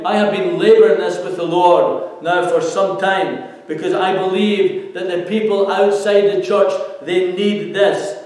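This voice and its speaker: Male minister with a high voice and a steady, earnest sermon delivery, recorded from a distance in a reverberant hall. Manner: earnest, measured preaching with rhetorical questions. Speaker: senior minister. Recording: echoey hall, voice from far off.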